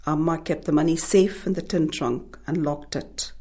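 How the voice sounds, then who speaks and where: A woman from India, an author, talking about her short story and then reading it in a measured, thoughtful way. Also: low-pitched, steady tone, dark tone, breathy edge.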